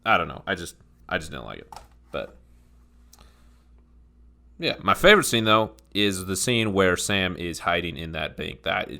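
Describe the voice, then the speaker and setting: A man's voice: low-pitched, very animated, gravelly, sharp tone. A young man co-hosting a podcast, chatting casually and analytically about a movie, with a lot of "like". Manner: analytical, fills pauses with "like". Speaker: podcast co-host.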